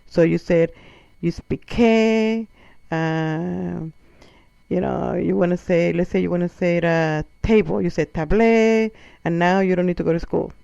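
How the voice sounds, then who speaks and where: At a measured pace, a non-native English-speaking comedian with a smooth, high-sitting voice and vocal fry tells profane comic stories with animation, performing the voices of his characters. The recording sounds dry and muffled.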